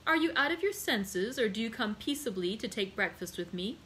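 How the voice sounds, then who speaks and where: A woman's voice: fairly high pitch, big pitch swings, brisk, fairly bright tone, slight background noise, poor audio. A woman reading the part of a friendly male journalist who speaks mildly and courteously in a storybook reading. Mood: calm. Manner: mild, courteous, reasoning.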